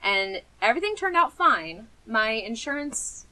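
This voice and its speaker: A woman's voice: fairly high pitch, sing-song, unhurried, sharp tone, poor audio. A woman, telling a story on a casual podcast and acting out the voices she quotes. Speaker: podcast co-host. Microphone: podcast mic.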